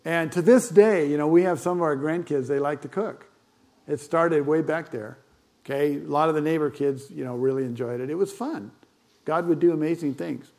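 A man's voice: fairly high pitch, moderate pace, a little mellow. An older man with grandchildren, a pastor giving a conversational sermon full of fillers and asides.

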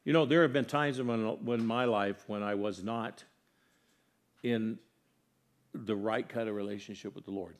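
A man preaching a sermon, earnestly putting questions to his congregation and moving between loud, emphatic lines and soft, quiet ones. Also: on the low side, normal speed, pauses often. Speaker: pastor.

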